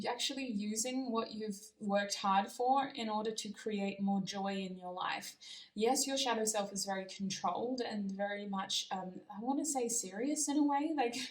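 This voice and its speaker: A woman's voice: fairly high pitch, distant mic. Woman tarot reader, casual and rambling, roomy echo, a bit off-mic. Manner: rambling and self-correcting, with soft laughs. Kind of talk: casual spoken tarot reading.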